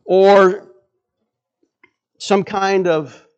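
A man's voice: high-pitched, fairly even intonation, drawn-out words, clear, resonant tone. A man preaching a sermon in a conversational way, restarting phrases and asking rhetorical questions. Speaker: pastor.

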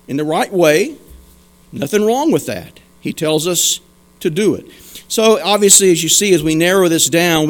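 High-voiced man preaching a sermon. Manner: earnest, emphatic preaching with repeated rhetorical questions. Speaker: pastor.

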